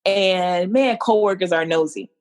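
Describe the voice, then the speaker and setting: A woman from New Jersey, a guest in an interview, telling her own story in a lively way and acting out the lines of the people in it. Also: unhurried. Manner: animated, acts out quoted dialogue with big pitch swings. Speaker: entrepreneur guest.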